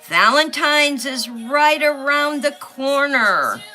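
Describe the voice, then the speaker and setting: A middle-aged woman chats slowly on her livestream and reads out viewer comments. Her voice is bright and sits a little high. Faint music plays behind her. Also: animated. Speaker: livestream host. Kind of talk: casual livestream chat while coloring.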